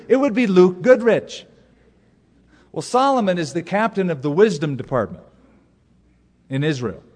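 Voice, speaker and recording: Emphatic preacher man in a reverberant hall. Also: a little high. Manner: storytelling with jokes, emphatic repetition. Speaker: pastor. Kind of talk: sermon. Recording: long reverb of a large hall.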